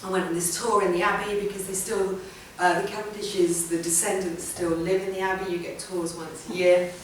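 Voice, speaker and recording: A woman with a fairly low voice talks through her artwork in a rambling, conversational way, full of ums and half-finished sentences. She is picked up from some distance in a very reverberant hall, and a faint room hum sits underneath. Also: little pitch movement, fairly quick. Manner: chatty, rambling, many ums and restarts. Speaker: artist giving a talk. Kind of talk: informal public talk. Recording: roomy hall sound from a distant mic.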